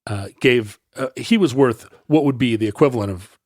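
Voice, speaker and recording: A man's voice: mid-range voice, normal speed, no echo, clean studio sound. A man co-hosting a podcast, telling a history story in casual chat, rambling and correcting himself, laughing easily.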